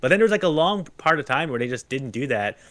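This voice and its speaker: Lively-pitched man in casual podcast chat. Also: quick pace, no room sound. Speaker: podcast co-host.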